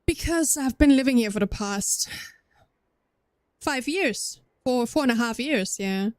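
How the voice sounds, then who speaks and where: A young German livestreamer, her accent lightly tinged with Scandinavian, rambles through casual chat with viewers as she plays, often starting sentences over. Her fairly high voice is expressive, a bit slow and mellow, on a dry, studio-quality recording.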